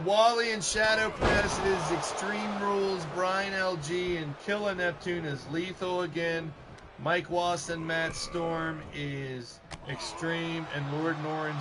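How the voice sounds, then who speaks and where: High-voiced chatty male stream commentator. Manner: loose, chatty, shout-outs to live chat. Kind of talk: live-stream commentary over a wrestling game. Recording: noisy game stream with background noise.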